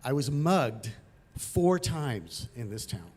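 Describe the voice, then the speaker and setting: A man from Los Angeles telling a personal story on stage, vivid and animated, acting out the scenes. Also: medium pitch, slow, breathy edge.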